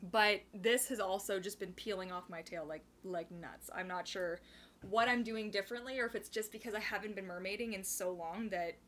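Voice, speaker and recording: A young woman from Canada hosting a casual live chat, bubbly and rambling, reading viewer comments aloud and breaking into quick laughs. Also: mid-range voice, a bit bright. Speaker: livestream host.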